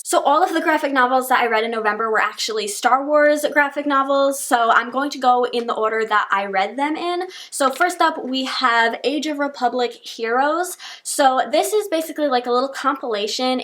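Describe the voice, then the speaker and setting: Fairly high-pitched and fairly bright, a young woman reviews books in a relaxed monthly wrap-up. Her talk wanders, packed with "like" as a filler.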